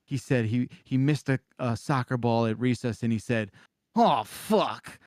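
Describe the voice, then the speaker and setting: Man, mid-pitched, dry close mic, casual chatty storyteller who stumbles and restarts. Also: measured pace, darkish tone, no room sound. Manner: rambling anecdotes with many restarts. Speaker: podcast co-host, father. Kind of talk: casual podcast chat.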